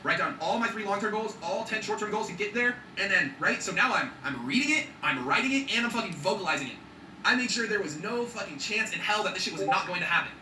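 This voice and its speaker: A man's voice: high voice, expressive, fast, sharp tone, reverberant, far from the mic, a little hiss or hum, poor audio. A man talking in an emphatic motivational vlog, swearing freely and checking in with his viewers. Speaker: vlogger.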